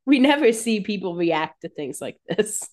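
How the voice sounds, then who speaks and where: A woman's voice: medium pitch, very animated, moderate pace, darkish tone. A woman co-hosting a podcast, chatting casually and making wry, joking comments about a TV episode. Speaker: podcast co-host. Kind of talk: casual chat.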